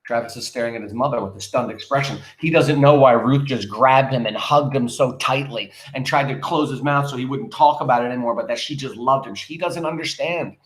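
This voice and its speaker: A male teacher reading a play aloud and explaining it to his students, in an animated way, speaking straight to the class. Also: medium pitch, a little fast, hardly any pauses, reverberant.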